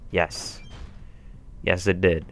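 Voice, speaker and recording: Low-voiced, rambling young gamer. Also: male voice, level tone, very slow, fairly bright tone, a little hiss or hum. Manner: rambling, self-deprecating. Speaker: gameplay commentator. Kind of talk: casual let's-play commentary. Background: faint game music.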